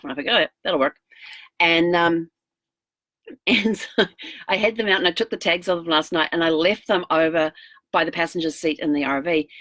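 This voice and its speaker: A middle-aged woman rambles through her day in a relaxed video diary, laughing easily as she goes. Her voice sits a little low, and the recording is close and dry with no room sound. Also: no room sound. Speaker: vlogger. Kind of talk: casual daily video diary.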